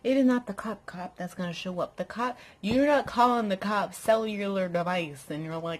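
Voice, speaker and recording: Here a woman talks at a moderate pace with hardly any pauses, captured on a rough recording. She's a vlogger in bed at home giving her viewers a casual, exasperated, sarcastic rant to camera, mocking people by mimicking them in high, put-on voices.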